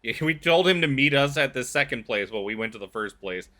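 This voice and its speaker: A man's voice: medium pitch, expressive, fairly quick, sharp tone. A man playing in a tabletop game, chatting casually about rules, rambling and correcting himself. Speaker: player.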